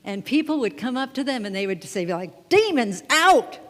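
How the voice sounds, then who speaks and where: A woman minister preaches in a chatty, playful way, tossing questions to the congregation and laughing along. Her voice sits at a middling pitch. The long reverb of a church hall trails behind her words. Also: expressive, fairly quick. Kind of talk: sermon. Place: church sanctuary.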